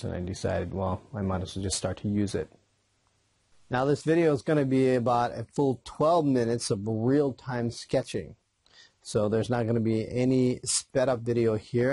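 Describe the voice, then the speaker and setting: A man's voice: lowish voice, warm tone, no room sound. A man hosting a drawing channel, talking casually through a sketching tutorial with frequent "uh" fillers. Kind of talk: tutorial talk while sketching.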